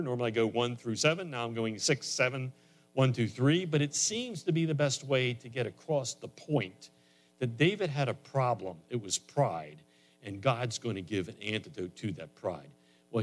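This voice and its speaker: Man preaching in a conversational way. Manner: conversational preaching that swells louder and higher on emphatic lines. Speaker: pastor. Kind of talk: sermon.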